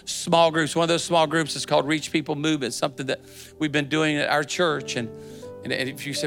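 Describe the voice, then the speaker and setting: A middle-aged pastor preaches with a gravelly, slightly high voice. He talks in a folksy, emphatic storytelling way. Soft music plays quietly underneath. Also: little pitch movement, a little fast. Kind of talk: sermon.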